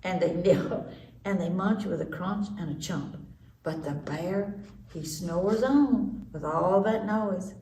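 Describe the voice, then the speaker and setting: A woman reading a children's story aloud with slow, expressive delivery. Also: fairly low pitch. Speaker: story time reader. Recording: echoey room, distant mic, faint noise.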